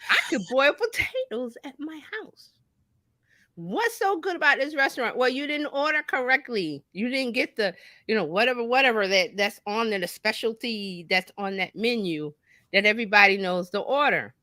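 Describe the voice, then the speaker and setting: A woman who coaches marketing chats on a talk show, folksy and energetic, slipping into small quoted voices to illustrate her points. She speaks at a fairly high pitch and a moderate pace, with no echo in the recording.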